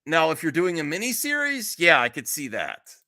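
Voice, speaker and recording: A man hosts a casual live stream and talks in a bright, tense, cutting voice that sits a little high for a man. He is blunt and exasperated, swearing freely as he answers his chat. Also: wildly swooping pitch, normal speed. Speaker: streamer host.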